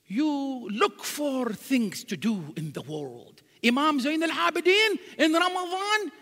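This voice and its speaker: A man's voice: extremely high pitch, very animated, normal speed, a bit bright. A man giving a live sermon in a large mosque hall, telling stories animatedly and quoting Arabic verses. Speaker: religious speaker. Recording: reverberant hall.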